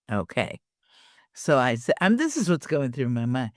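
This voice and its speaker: An older woman telling a personal story as a podcast guest, animated, often laughing and acting out the dialogue. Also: rumbling low, moderate pace, no echo, studio quality.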